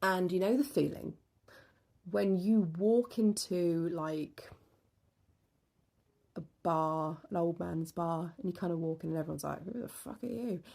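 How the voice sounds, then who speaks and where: A woman's voice: fairly low pitch, fairly even intonation, a little slow, gravelly, long pauses, mellow. A young woman telling a true ghost story in a blunt, casual way with some swearing.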